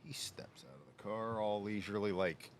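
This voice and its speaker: A man's voice: fairly low pitch, animated, normal speed. A man on a shop podcast telling a story in casual chat, laughing often and acting out the quotes. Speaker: podcast co-host. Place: workshop podcast room.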